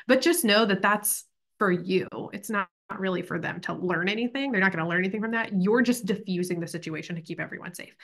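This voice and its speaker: Bright-voiced woman teaching a parenting class. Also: mid-range voice. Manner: chatty, many "like" and "right?" tags; acts out children's thoughts in small voices. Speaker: parent educator. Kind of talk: casual online parenting class.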